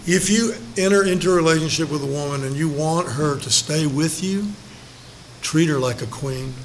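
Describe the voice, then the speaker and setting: An older man from Los Angeles teaching a Bible study. He has a slightly high-pitched voice and tells homespun stories with jokes. A faint hiss of room noise sits under his voice. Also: normal speed. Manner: storytelling, joking, acts out quotes. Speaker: preacher leading a Bible study.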